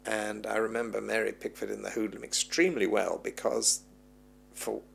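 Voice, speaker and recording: A film historian being interviewed, this man has a fairly low, gravelly voice at normal speed, with a little hiss or hum. He reminisces at length as an animated storyteller, voicing the people he quotes.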